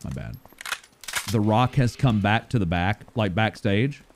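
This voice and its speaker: A man streaming a video game live, chatting playfully and rambling, sometimes loud and sometimes mumbling. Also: lowish voice, measured pace, noisy background. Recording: faint music behind the voice.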